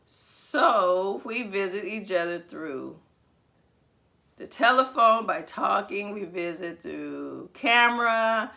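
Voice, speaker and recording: Woman preschool teacher, slow and sing-song, bright tone, lots of praise and call-and-repeat. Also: mid-range voice, creaky. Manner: animated, drawn-out sing-song teacher talk; coaxing, praising, asks children to repeat words. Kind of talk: teaching young children by video.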